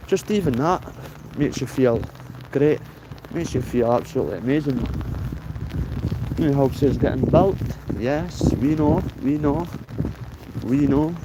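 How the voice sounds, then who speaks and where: A man's voice: medium pitch, expressive, a little slow, pauses often, noisy background. A Scottish man in his late thirties with a Dundee accent, vlogging while he walks outdoors in the rain. He talks bluntly, swears freely and says "mate" at the end of almost every phrase. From Scotland. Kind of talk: casual walking vlog.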